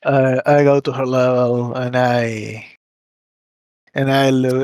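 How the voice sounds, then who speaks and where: A man's voice: medium pitch, fairly even intonation, moderate pace, dry recording. A man playing in a tabletop game, describing what his character does with many hesitations. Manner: hesitant, restarts and fillers. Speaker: player.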